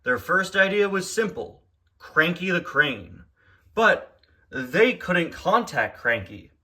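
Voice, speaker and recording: A man's voice: sits high, big pitch swings, slow, bright, forceful tone. A man narrating a toy-train parody story in an offhand, jokey way.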